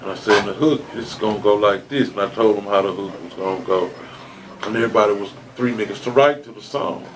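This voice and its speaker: A man's voice: fairly low pitch, quick pace, a little hiss or hum. Guy telling stories at an interview, swears a lot, acts out what people said, faint clicking in the back. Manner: animated storyteller, swears freely, acts out quotes. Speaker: interview guest, rapper. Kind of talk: storytelling interview.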